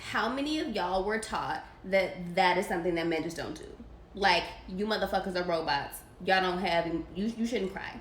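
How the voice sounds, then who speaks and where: A young woman with a medium-pitched, fairly bright voice hosts a live podcast Q&A, reading chat questions out loud. She reacts brashly, profanely, and with lots of laughter, in an echoey room with faint ambient noise.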